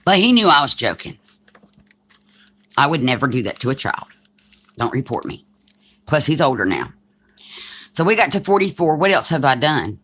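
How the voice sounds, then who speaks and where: A woman's voice: low-pitched, big pitch swings, moderate pace, pauses often, fairly bright tone, a little hiss or hum. A woman hosting a craft livestream, telling joking stories in a chatty way with frequent laughs. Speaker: craft channel host. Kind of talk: casual livestream chat.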